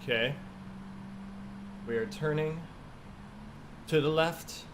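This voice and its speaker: A man's voice: on the high side, slow pace, noisy background. A man live-streaming a flight simulator, chatting casually and thinking aloud as he works through checklists.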